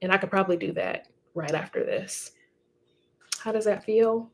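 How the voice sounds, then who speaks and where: A woman's voice: mid-range voice, moderate pace, slight background noise. A woman hosting a casual livestream, reading viewer comments in a chatty, encouraging way and laughing often. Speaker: livestream host.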